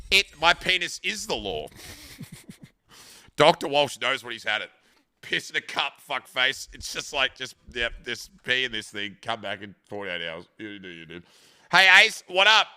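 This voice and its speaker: Bright, crisp Australian man in his thirties. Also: medium pitch, no echo, studio quality. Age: 30s. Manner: crude, rambling storyteller, swears freely. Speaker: live streamer. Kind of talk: casual chat with stream viewers.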